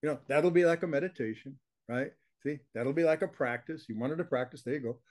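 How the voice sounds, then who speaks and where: A man's voice: fairly high pitch, a little fast, darkish tone. An older man, a teacher, talks bluntly and emphatically in an interview and keeps checking in with his listener. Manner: emphatic, blunt, with frequent laughs and rhetorical check-ins. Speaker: consciousness teacher, guest.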